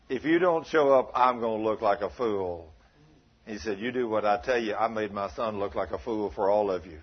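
A man preaching a storytelling sermon, swinging from loud animated bursts to hushed retelling. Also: fairly low pitch, husky, muffled recording.

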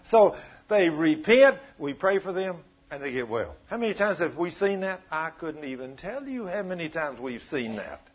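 A man preaching a sermon, telling stories in a folksy, animated way. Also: on the high side, normal speed, a little hiss or hum. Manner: folksy, animated storytelling with acted quotes. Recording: dull lo-fi sound.

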